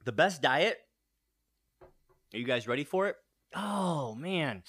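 Animated man in his late thirties, sniffly. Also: on the high side, takes it slowly, long pauses, slightly rough. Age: 30s. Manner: animated, swears casually, asks viewers rhetorical questions. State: runny nose, sniffling. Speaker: fitness vlogger. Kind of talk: casual vlog talk.

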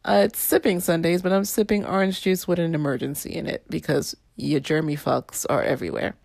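A woman's voice: fairly low pitch, moderate pace, gravelly, darkish tone, husky, dry recording, studio quality. A woman hosting her own podcast, rambling in a candid, sarcastic way and under the weather. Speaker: podcast host. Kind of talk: casual solo podcast monologue. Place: her home in uptown Manhattan.

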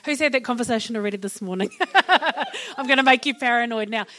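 A middle-aged woman with a New Zealand accent gives a humorous, chatty public talk on mental wellness, laughing at her own jokes as the audience listens. Her voice is fairly high, a little fast, and sharp in tone.

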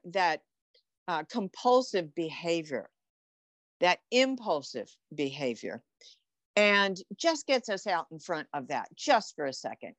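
A woman's voice: mid-range voice, no room sound. Woman, mid-range voice, eager and talky, dry and close. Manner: enthusiastic and chatty, trails off and restarts mid-thought. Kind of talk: casual explanatory talk.

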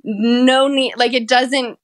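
A woman's voice: on the high side, fairly even intonation, slow pace. A woman co-hosting a podcast, chatting casually, filling her talk with "like" and swearing freely. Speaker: podcast co-host. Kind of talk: casual chat. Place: at home, apart from co-host.

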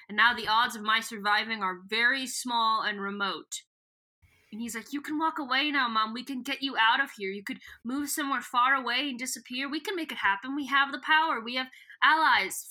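A young woman co-hosting a laid-back podcast, recapping a story with frequent giggles. Her voice is very bright and sharp, pitched a little high, and she slips in and out of reading characters' lines without fully acting them. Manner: giggly, reads quoted lines in a loose, storytelling way. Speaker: podcast co-host. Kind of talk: casual chat retelling a book.

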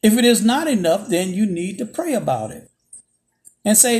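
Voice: mid-range voice, big pitch swings, moderate pace, darkish tone. A preacher delivering a sermon in emphatic, repetitive phrases, checking in with "Okay?". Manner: emphatic call-and-response phrasing, repeats "Okay?".

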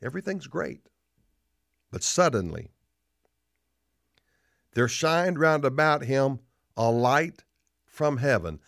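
A male pastor preaching a sermon emphatically, repeating phrases and pausing for dramatic effect. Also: mid-range voice, big pitch swings, gravelly, a bit bright, dry recording, studio quality.

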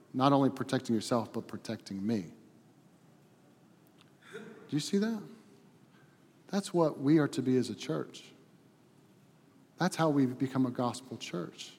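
Slow-speaking pastor in a reverberant hall. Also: male voice, mid-range voice. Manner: builds to loud emphatic preaching, then drops to a hushed prayer. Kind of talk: sermon. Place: church hall.

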